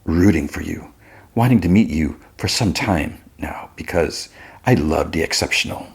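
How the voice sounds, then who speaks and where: A silky, menacing tempter with a voice dropped low and a slow pull, as a man puts him on. He sounds smooth and scheming. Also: lively intonation, full character voice. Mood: sinister. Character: smooth sinister older male tempter.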